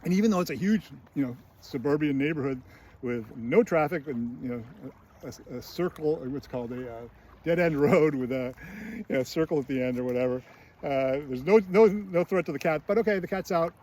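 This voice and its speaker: A screenwriting channel host with a slightly high, somewhat mellow voice speaks fairly quickly in a casual film critique. He recounts scenes chattily, with many fillers and short put-on voices.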